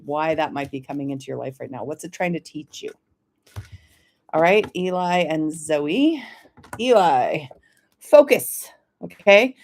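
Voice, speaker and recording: A woman hosting a live stream, reading oracle cards for viewers by name in a gentle, encouraging way and often checking in with "okay?". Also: on the low side. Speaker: oracle card reader, host of a weekly live stream.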